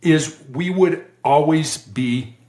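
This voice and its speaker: Animated man in a roomy space. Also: on the high side, takes it slowly. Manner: animated, acts out quoted voices. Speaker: guest, former hostage negotiator. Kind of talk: conversational interview storytelling.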